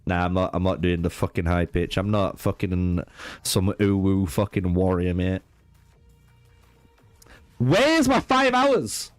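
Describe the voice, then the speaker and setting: A man's voice: deep voice, flat delivery, moderate pace, darkish tone, smooth, no echo, faint music behind. A young man streaming a strategy game, swearing a lot and trolling with chat as he plays. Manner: profane, trolling banter with chat, swinging between raging and laughing. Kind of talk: live gaming stream commentary.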